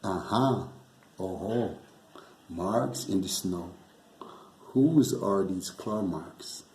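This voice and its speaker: A male teacher giving a vocabulary lesson, then reading a children's picture book aloud with a lively, expressive delivery. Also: sits low, drawn-out words. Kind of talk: online lesson with storybook read-aloud. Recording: echoey room.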